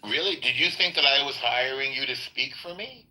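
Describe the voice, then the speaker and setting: A man in a live audio chat room, talking sarcastically and in quick bursts. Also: mid-range voice, bright, forceful tone, low-quality recording. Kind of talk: casual political chat.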